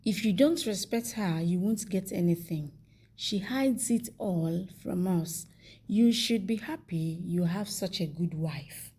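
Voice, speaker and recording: A stern, protective motherly woman lecturing a young husband, read by a woman narrator. The delivery is slow and mellow, with a husky, breathy grain. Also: lowish voice, exaggerated voice. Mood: stern, caring. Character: protective older woman, mother's best friend.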